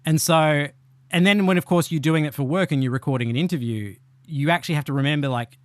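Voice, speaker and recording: Animated man, dry close sound. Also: fairly high pitch, dry recording. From Australia. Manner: animated, self-deprecating, quick asides. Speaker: podcast guest. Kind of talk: conversational interview. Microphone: remote call.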